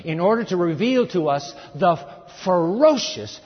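A man preaching a sermon in an animated way, acting out voices and urging his listeners to join in. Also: high-pitched, unhurried, breathy edge. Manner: animated, acts out voices, urges the audience. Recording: echoey hall, dull lo-fi sound.

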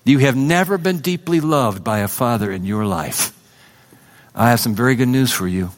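A man preaching a sermon to a congregation, emphatic, swinging between loud declarations and hushed, intimate passages. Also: medium pitch, animated, normal speed. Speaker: pastor.

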